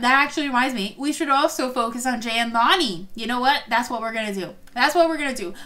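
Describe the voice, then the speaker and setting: A young woman chats through her game play in a high-pitched voice. Her tone is bright and crisp, and she reacts to everything with gasps and laughter. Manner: excitable, frequent gasps and laughs. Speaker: gaming video host. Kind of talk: casual let's-play commentary.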